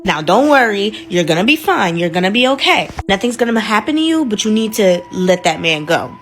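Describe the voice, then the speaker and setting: Stern religious mother, blunt orders, lively pitch, voiced by a woman storyteller. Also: fairly quick, close to an everyday voice. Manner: blunt, commanding.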